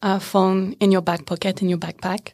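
A young French woman with a French accent, answering interview questions in English in a hesitant, halting way with lots of "uh" and "um.". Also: mid-range voice, little pitch movement, darkish tone, no echo, clean studio sound. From France. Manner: hesitant, halting, laughs easily. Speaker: interview guest. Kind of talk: casual interview chat.

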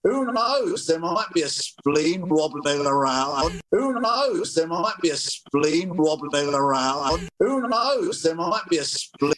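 A man doing an impression of an older actor, musing in a slow drawl. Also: fairly high pitch, expressive, crowd noise, voice pushed up.

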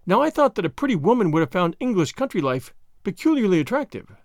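A man reading an audiobook, voicing a sly, sarcastic French agent who speaks quietly with mock gallantry. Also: high-pitched, big pitch swings, quick pace, no echo, clean studio sound. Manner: quiet, smooth, mockingly gallant. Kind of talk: audiobook character voice.

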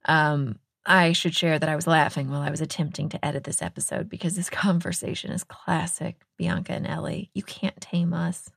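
A woman's voice: low voice, steady tone, brisk, vocal fry, few pauses, fairly bright tone, breathy edge, dry recording, clean studio sound. A middle-aged woman from Texas hosting a podcast, chatting in a casual, self-deprecating way and laughing often. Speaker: podcast host.

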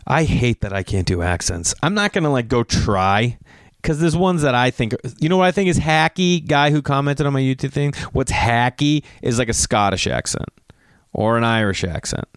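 A man's voice: medium pitch, expressive, moderate pace, clean tone, dry recording, studio quality. A middle-aged man hosting a podcast, rambling through a profane story with lots of digressions and acted-out quotes. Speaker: podcast host. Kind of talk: casual rambling monologue.

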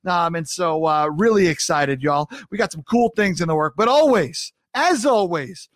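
Upbeat, high-voiced male podcast host. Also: expressive, moderate pace, no room sound, studio quality. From New York. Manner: upbeat, joking, repeats himself. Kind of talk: casual chat monologue.

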